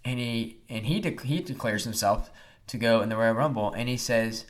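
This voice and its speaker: A man co-hosting a casual chat, retelling events with animated energy and laughter. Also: medium pitch, moderate pace. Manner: animated storyteller, acts out quotes with laughs. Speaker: podcast co-host. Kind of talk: casual chat recapping wrestling.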